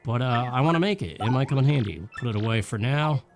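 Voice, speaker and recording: A man's voice: medium pitch, animated, fast talker, gravelly. A young man hosting a let's play, giving rambling, casual gameplay commentary and thinking aloud. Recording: game music behind.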